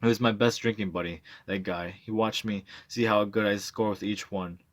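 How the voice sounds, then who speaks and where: Guy reading as a bragging drunk vet, low voice, dry close sound. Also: fairly even intonation, normal speed, dry recording, lightly acted. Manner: bragging, coarse, swaggering storyteller. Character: boastful crude drunk male war veteran. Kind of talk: reading a novel aloud.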